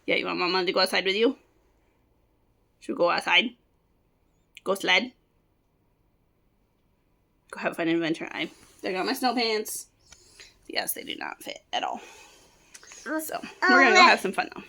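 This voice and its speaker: A young woman hosting a family vlog outdoors in the snow, chatting casually to a handheld camera and cheering on small children in an excitable way. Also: mid-range voice, moderate pace, creaky, pauses often, dry recording. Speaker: vlog host and mother. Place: outdoors in the snow, backyard sledding hill.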